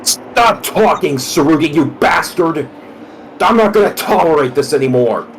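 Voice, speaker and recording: A man voicing a hot-headed young male student who shouts and picks fights, in a fan dub. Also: fairly high pitch, animated, a little slow, a little hiss or hum, rough recording. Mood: furious. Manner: shouting, confrontational.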